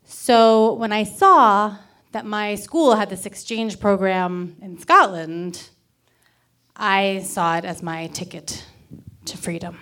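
Woman in her thirties from Miami, live storytelling; wry, candid, deadpan delivery. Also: medium pitch, slow pace. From Miami, Florida. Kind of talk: personal story told to a live audience.

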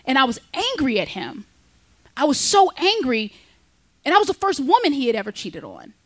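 A woman in her thirties, a stand-up comedian, telling a personal story in a candid, animated way, with laughs between lines. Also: normal speed. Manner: candid, animated, jumps high in pitch for quoted voices, laughs between lines.

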